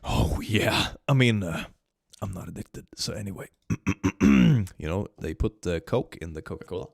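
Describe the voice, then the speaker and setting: A man's voice: low-pitched, normal speed, creaky, breathy edge, no room sound, studio quality. A young man streaming live, chatting casually and reading viewer messages aloud, laughing often, with a slight cold. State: slight cold, stuffy nose.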